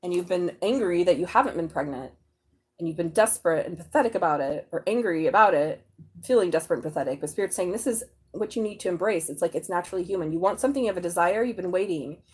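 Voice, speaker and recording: Animated woman giving a tarot reading. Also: fairly low pitch, fast, husky. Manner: animated, exclaiming and laughing while reading cards aloud. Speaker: tarot reader.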